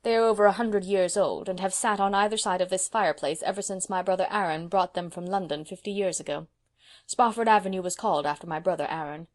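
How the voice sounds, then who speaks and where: A woman voicing a proud, brisk spinster of seventy, speaking emphatically and sternly. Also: lowish voice, close to an everyday voice.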